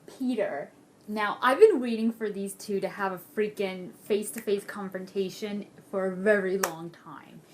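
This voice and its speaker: A young woman casually recapping a TV episode, gushing and excitable, swearing freely. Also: medium pitch, normal speed, slight background noise.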